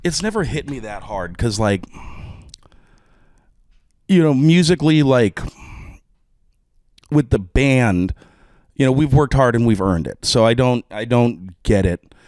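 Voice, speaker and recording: Texan drummer, podcast guest; candid, profane, rambling; dry close mic. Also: male voice, mid-range voice, expressive, measured pace, pauses often, a little mellow, no room sound. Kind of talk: casual conversation.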